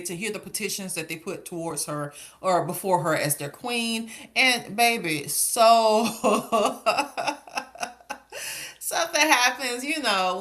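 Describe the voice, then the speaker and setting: A woman's voice: fairly low pitch, a bit bright. A woman casually recapping and reviewing a TV episode, sassy and chatty, slipping into exaggerated character voices. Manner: sassy, chatty, full of endearments. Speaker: TV show reviewer.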